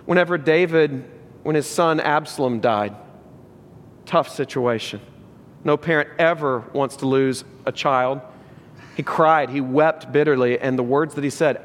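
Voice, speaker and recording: A high-pitched man preaching from the pulpit, hammering his points home with repetition and questions to the congregation. His voice rings through a reverberant church hall. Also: moderate pace, a little hiss or hum. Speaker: pastor. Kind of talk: sermon.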